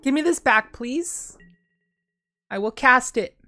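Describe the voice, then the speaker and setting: A woman casually commenting on her own card game as she plays, thinking aloud with sudden bursts of excitement. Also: high voice, takes it slowly, faint music behind. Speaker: gameplay streamer.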